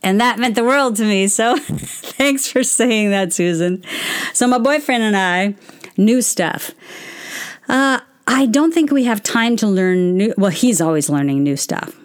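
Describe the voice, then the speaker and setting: Speaking a little slowly in a smooth, expressive voice of medium pitch, a middle-aged woman chats casually on a livestream. She's chatty and tells stories, answering viewer questions and cutting herself off now and then.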